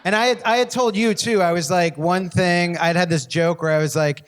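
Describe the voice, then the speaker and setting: A man's voice: sits high, moderate pace, clean tone. A man co-hosting a live podcast on stage, telling stories with wry, joking asides. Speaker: podcast co-host. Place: live stage in front of an audience.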